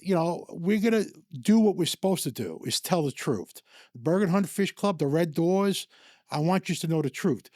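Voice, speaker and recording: An older man from the New York area tells his stories in a loose, rambling way, doubling back on himself and chuckling as he goes. His voice sits fairly high for a man, and the recording is close and dry with no room sound. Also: animated, moderate pace, a little mellow, dry recording. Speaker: storyteller guest. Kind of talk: casual storytelling.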